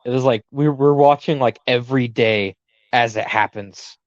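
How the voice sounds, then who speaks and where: A man's voice: medium pitch, moderate pace, dry recording. Rambling young man, dull dry sound. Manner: rambling, filler-heavy, laughs easily. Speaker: podcast co-host. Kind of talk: casual podcast chat.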